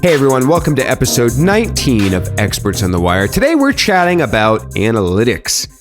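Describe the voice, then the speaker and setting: A man hosting a podcast, giving an upbeat intro and asking questions. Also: mid-range voice. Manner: lively, upbeat, clear intros. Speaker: podcast host.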